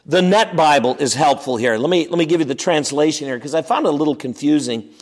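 A man preaching an expository sermon as pastor, emphatic and animated, acting out objections and dropping to quiet asides. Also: a little high, quick pace. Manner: animated, emphatic, swings between loud and quiet; acts out quoted objections.

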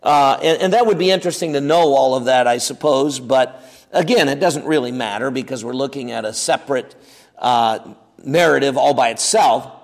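A man's voice: medium pitch, moderate pace, long reverb tail. A man preaching a sermon in a conversational teaching way, asking his listeners questions and often restarting with fillers and repeated words. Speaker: pastor.

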